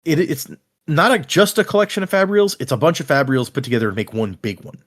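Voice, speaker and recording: A man's voice: on the high side, fast. A man co-hosting a podcast, retelling a book's scenes in casual chat, full of "like" fillers. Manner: animated retelling, frequent "like" fillers. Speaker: podcast co-host. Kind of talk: casual book discussion chat.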